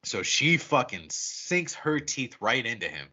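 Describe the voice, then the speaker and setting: A man co-hosting a podcast, recapping a horror movie scene by scene in a casual, profane, animated way. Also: mid-range voice, unhurried. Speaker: podcast co-host. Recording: muffled lo-fi audio.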